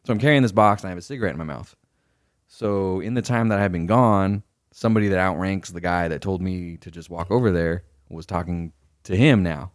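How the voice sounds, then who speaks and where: A young podcast co-host with a deep voice talks fairly quickly on a dry, clean studio recording. He's an animated storyteller in casual chat, swearing freely and acting out the people he quotes, including his superiors.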